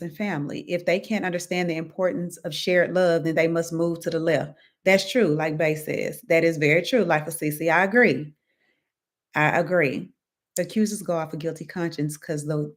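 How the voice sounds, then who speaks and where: A young woman hosting a casual live stream, chatty and animated, reading viewer comments and laughing often. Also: fairly low pitch.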